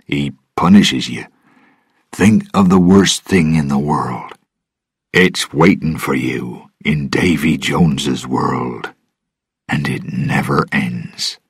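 A man's voice: a bass voice, slow pace, husky, no echo, clean studio sound, exaggerated voice. A man doing a fearful old pirate. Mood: grave. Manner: serious, grave. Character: older male pirate, fearful and serious.

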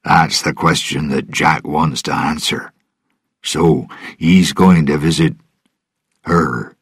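A man voicing a fearful older male pirate in a storybook reading, speaking seriously and gravely. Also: a bass voice, takes it slowly, no echo, clean studio sound, full character voice.

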